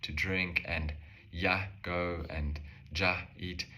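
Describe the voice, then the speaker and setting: A man calmly explaining a language lesson step by step, slowing down to say example phrases. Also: deep voice. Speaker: language teacher.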